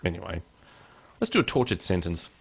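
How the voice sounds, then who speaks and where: A man's voice: deep voice, very animated, brisk, creaky, slight background noise. A male podcast host chatting casually, joking about himself and laughing often.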